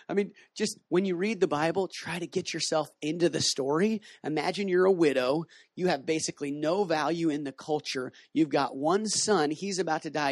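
A man with a fairly high voice gives a relaxed sermon, turning an old story into slangy, animated everyday talk. He switches between loose commentary and reading passages aloud. The sound is dry and close. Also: no room sound. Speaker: missions base director teaching. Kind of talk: casual sermon teaching and Bible reading.

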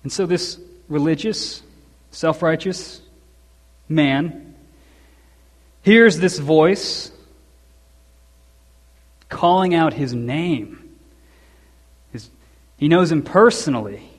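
A male preacher walks through a scripture passage in a relaxed, storytelling way, dropping in quick asides. His voice sits a little high for a man, and every phrase rings out in the long reverb of a large church hall. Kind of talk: expository sermon.

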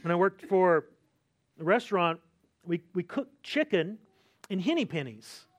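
High-voiced man preaching a conversational sermon. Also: lively intonation, a little slow. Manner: conversational preaching, frequent "right?" asides; acts out complaining voices with sighs. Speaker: pastor.

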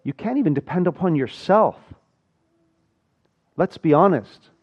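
A man from South Africa preaching a sermon, rising loud for emphasis and dropping to a hushed low voice. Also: expressive, measured pace. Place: church. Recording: dull lo-fi sound.

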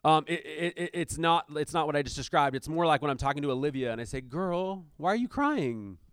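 A man's voice: a little high, fast, clean tone, no echo, studio quality. A man preaching a conversational sermon, reading scripture aloud and stopping to explain it with casual asides and fillers. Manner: shifts between reading aloud and lively commentary. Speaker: pastor.

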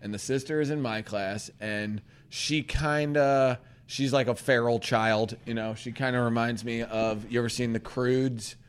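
A man's voice: medium pitch, fairly even intonation, unhurried, few pauses, smooth. A man in casual chat as podcast co-host, telling a story animatedly, laughing and swearing.

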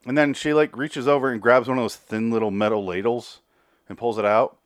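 A man's voice: medium pitch, fairly even intonation, fairly quick, no echo, studio quality. A man casually recapping a TV episode, rambling with crude jokes and acted-out quotes. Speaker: TV recap commentator.

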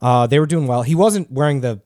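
A man's voice: mid-range voice, expressive, fairly quick, a little mellow, no echo, studio quality. Rambling casual podcast man. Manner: rambling, loose, swears often. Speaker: podcast host. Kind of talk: casual chat.

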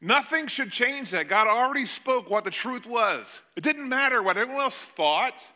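Bright-voiced older man preaching, lively and joking. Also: extremely high pitch, normal speed. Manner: conversational storytelling with joking asides. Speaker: pastor. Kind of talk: sermon.

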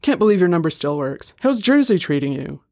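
A man voicing a troubled, slurring older brother who rambles between soft and loud. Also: fairly high pitch, big pitch swings, a little fast, gravelly, dry recording, studio quality. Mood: rambling.

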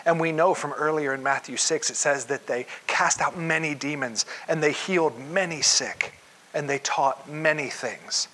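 A man preaching a conversational sermon, acting out quoted voices and dropping to a hush for gentle lines. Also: on the high side, moderate pace. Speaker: pastor.

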